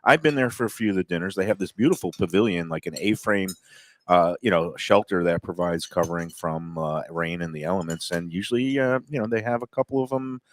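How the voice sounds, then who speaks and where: A man's voice: deep voice, fairly quick. A man hosting a TV lifestyle show, chatting upbeat about food as he tastes it. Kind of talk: casual chat and food tasting.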